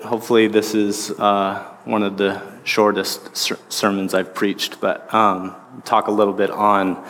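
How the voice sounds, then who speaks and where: A man's voice: fairly low pitch, fairly bright tone, a little hiss or hum. A man in his thirties, an associate pastor, preaching a sermon in a casual, rambling way full of fillers. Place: church sanctuary. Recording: long reverb of a large hall.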